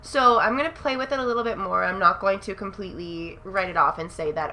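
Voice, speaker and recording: A young woman reviewing makeup on camera in a casual, gushing way, often gasping in excitement. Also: medium pitch, quick pace, hardly any pauses. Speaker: beauty vlogger.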